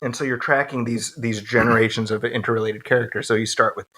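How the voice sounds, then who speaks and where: A man co-hosting a movie podcast, chatting casually and animatedly, tossing in jokes and quick asides. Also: medium pitch, steady tone, pushed and bright. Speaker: podcast co-host. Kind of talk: casual chat.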